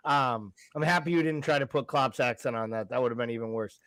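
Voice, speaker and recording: A man's voice: mid-range voice, fairly quick, a bit bright, no room sound. A man co-hosting a podcast, talking in a blunt, sarcastic, mocking way. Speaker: podcast co-host. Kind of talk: casual podcast chat.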